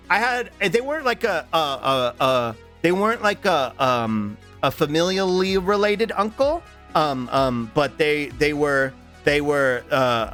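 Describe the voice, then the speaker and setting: A man streaming and chatting casually with his chat, halting and giggly, with lots of repeated words and restarts. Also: fairly high pitch, fairly bright tone. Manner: affectionate and giggly. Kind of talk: casual livestream chat reading chat.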